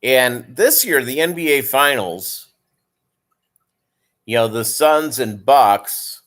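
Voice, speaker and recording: A man hosts a casual live stream, drawling at an unhurried pace as he rambles loosely from one thought to the next. His pitch is an ordinary middle range for a man, and he talks to his viewers like a familiar crowd. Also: animated, fairly bright tone. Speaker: fish breeder hosting a live stream.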